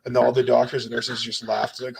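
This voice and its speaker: A slight hiss or hum sits under this young man's mid-range, gravelly voice, which is completely flat and a little fast. As a guest, he earnestly and intensely relates the time he nearly died, casual speech laced with "bro" and "dude" in an emotional testimony.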